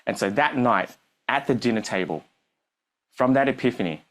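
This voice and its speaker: A man's voice: mid-range voice, animated, moderate pace. A man, a business coach telling a story on stage to a live audience and acting out the dialogue.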